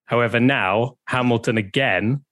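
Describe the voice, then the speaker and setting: A man co-hosting a casual podcast, relaxed and thoughtful in his opinions. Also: medium pitch, moderate pace, dry recording. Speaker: podcast co-host.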